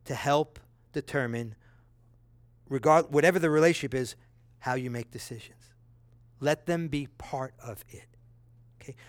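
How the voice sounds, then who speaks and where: A middle-aged man preaching a sermon as pastor, conversational and animated when he tells a story. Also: fairly high pitch, no echo.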